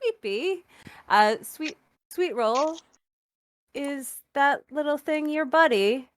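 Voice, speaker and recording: A woman's voice: sits high, lively intonation, slow, no echo, studio quality. A woman playing a tabletop game online, upbeat and full of questions for the group. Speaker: player.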